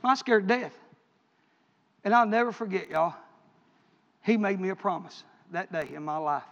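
A man preaching a sermon, telling stories with passion and swinging between loud and hushed delivery. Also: high-pitched, normal speed, vocal fry. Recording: echoey hall, dull lo-fi sound.

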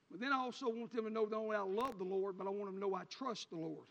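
High-voiced preacher in a reverberant hall. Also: male voice, very fast, vocal fry. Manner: rising into loud fervent preaching with Southern country speech. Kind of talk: sermon. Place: church sanctuary. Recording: hall reverb, dull lo-fi sound.

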